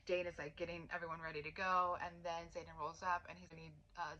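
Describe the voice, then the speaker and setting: A woman giving a casual, chatty book recap, leaning heavily on "like" and quoting characters in quick asides. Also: on the low side, flat delivery, bright, forceful tone. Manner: chatty, filler-heavy with lots of "like"; quotes characters in lightly acted asides. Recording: dull lo-fi sound with faint noise.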